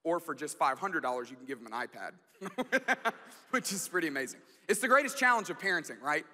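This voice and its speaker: Man, 40s, guest preacher: a high, sharp voice, storytelling, self-mocking, stumbling restarts, recorded in a church hall with a long reverb tail. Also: expressive, quick pace. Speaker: guest pastor. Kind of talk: storytelling sermon.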